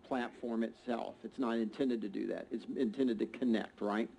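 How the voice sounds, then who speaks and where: A man hosting a panel talk, speaking haltingly with stammered restarts as he works out his questions. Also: medium pitch, fairly even intonation, gravelly, mellow, a little hiss or hum, poor audio. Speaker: panel host.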